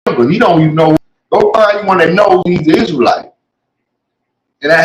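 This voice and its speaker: A man's voice: on the high side, expressive, normal speed, pauses often, a little hiss or hum. A man preaching in a casual, slangy way, reading scripture aloud and then talking it over. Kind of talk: casual street-style Bible teaching. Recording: echoey room.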